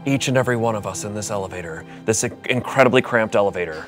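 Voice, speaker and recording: A man's voice: on the low side, very fast. A man playing a board game, reading its story text with dramatic flair. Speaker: player. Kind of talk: comedic board game play. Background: music.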